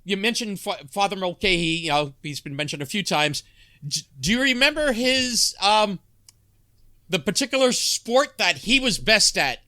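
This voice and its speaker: Guy with a high bright voice, stumbly casual podcast chat, laughs a lot. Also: expressive. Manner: halting, lots of restarts and laughs. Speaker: podcast co-host.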